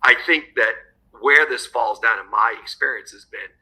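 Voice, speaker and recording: A man's voice: medium pitch, pushed and bright, slightly rough, poor audio. A man co-hosting a business podcast, reflecting on his own work habits. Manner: fast, reflective, shares personal practices. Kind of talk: podcast conversation.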